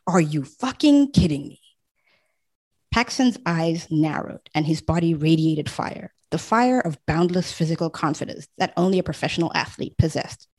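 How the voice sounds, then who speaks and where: A woman reading a romance novel aloud as audiobook narrator, with steady, even storytelling. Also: sits low, moderate pace, few pauses, dry recording, poor audio.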